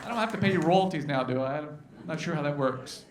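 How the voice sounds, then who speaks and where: Man, high-voiced stand-up comic, folksy, self-deprecating, roomy stage sound with guitar. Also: expressive, fast, over a noisy crowd. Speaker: stand-up comedian. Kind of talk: stand-up with song parodies on guitar. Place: comedy club stage. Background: acoustic guitar.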